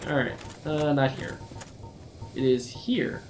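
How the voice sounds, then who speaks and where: A man's voice: medium pitch, takes it slowly, over music. A man commenting on his playthrough, playfully slipping into a put-on folksy rural drawl. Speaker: gaming video creator. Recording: roomy echo, faint background noise.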